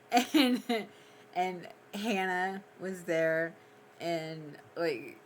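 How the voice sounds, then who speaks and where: Woman streamer, easygoing chat, slow and giggly storyteller. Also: on the low side, expressive, a little hiss or hum. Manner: laughs often, giggly, rambling. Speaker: livestreamer.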